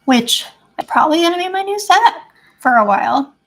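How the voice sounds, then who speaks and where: Talking quickly on a home live stream, this animated vlogger has a high, light voice. Her chatter is loose and unscripted, wandering from thought to thought with giggles in between.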